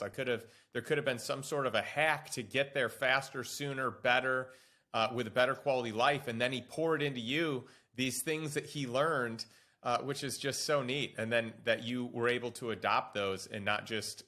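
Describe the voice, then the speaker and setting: Podcast host guy, sharp bright voice, upbeat recaps. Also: medium pitch. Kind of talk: interview conversation.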